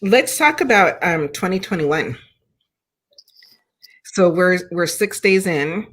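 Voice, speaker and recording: Host lady chatting, warm and encouraging, lots of fillers. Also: on the low side, lively intonation, slow. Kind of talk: casual interview chat.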